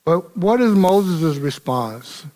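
A man's voice: high-pitched, very animated, slow pace, darkish tone. A male pastor preaching a casual, folksy sermon, acting out dialogue with rising intensity.

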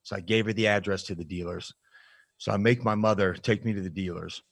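A man with a very low voice tells his story candidly as an interview guest. He speaks in a reflective, halting way, and the sound is close and dry with no room echo. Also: steady tone, gravelly. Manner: frank and reflective, halting with fillers. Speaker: podcast guest, nutrition coach.

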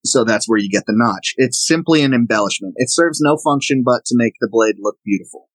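On a low-quality recording with no echo, a Southern knife maker talks in a medium-pitched, animated, brisk voice. As a guest in a casual interview, he explains his craft while demonstrating pieces.

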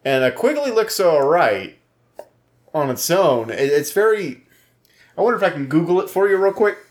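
A man co-hosting a podcast in loose, joking banter. His voice sits a little high and moves around a lot in pitch. He talks playfully and swears freely. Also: very animated, normal speed. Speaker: podcast co-host. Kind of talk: casual banter.

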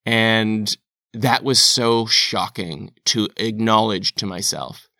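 Guy thinking out loud, earnest and confessional, bright voice, dry close sound. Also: mid-range voice, no echo. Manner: earnest, self-questioning, confessional. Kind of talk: reflective personal monologue.

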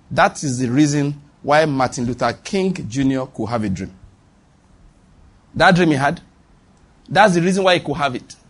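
Husky Nigerian preacher, emphatic. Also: male voice, sits high. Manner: emphatic, repeats lines for stress, calls on the congregation. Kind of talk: sermon.

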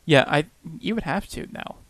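A man's voice: fairly high pitch, lively intonation, normal speed, fairly bright tone, dry recording. A man co-hosting a casual podcast chat, laughing often and poking fun at himself. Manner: laughs often, self-deprecating. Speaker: podcast co-host.

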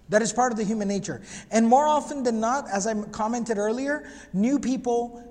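A man with a fairly high voice teaches a religious lecture class, pressing his points home by repeating phrases and firing off rhetorical questions. He slips Arabic phrases into his speech, and a long reverb trails each line as if he were in a large hall. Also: a little mellow. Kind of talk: lecture class on prophetic biography.

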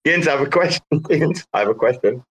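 A man's voice: on the high side, animated, brisk, a bit bright, husky. Playful man who keeps cutting in. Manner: playful, interrupting, laughs a lot. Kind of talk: casual chat.

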